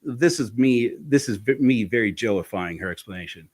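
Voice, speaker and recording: Guy chatting as a guest, mid pitch, frank and lively, keeps restarting his sentences. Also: moderate pace, slightly rough. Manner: frank, animated, with frequent restarts. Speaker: interview guest. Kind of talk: candid conversational storytelling.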